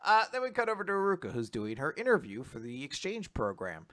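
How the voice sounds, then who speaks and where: A man's voice: on the high side, huge pitch swings, a bit bright. A young man co-hosting a casual manga recap, summarizing chapters and acting out the characters' lines. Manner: acts out characters' lines in quick voices while summarizing. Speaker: podcast co-host.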